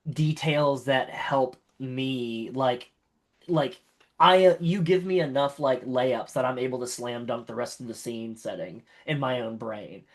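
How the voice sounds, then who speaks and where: A man's voice: mid-range voice, measured pace. A man chatting casually as a tabletop game player, rambling through compliments with lots of fillers and restarts. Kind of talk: casual post-game feedback chat.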